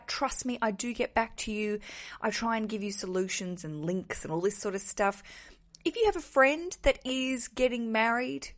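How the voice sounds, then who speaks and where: A woman hosting a wedding podcast alone from a hotel room, talking casually with a slightly rough morning voice and a cheeky, self-mocking, rambling manner. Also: on the high side, fairly bright tone. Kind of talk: casual solo podcast monologue. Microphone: wearing headphones.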